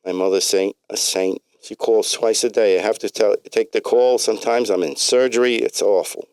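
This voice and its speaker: A man's voice: on the low side, steady tone, normal speed, a little mellow, no room sound, clean studio sound, close to an everyday voice. A man voicing a fussy, talkative male doctor with a heavy New York accent, stammering and restarting as he chatters. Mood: brisk. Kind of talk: comic storybook reading.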